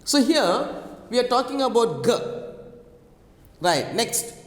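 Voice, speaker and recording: A man's voice: extremely high pitch, big pitch swings, a bit bright. A man with an Indian accent teaching English pronunciation, repeating each sound and checking in with his students with many fillers. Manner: repetitive, drills sounds slowly, frequent fillers and check questions. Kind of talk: online lesson. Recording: echoey room, long reverb.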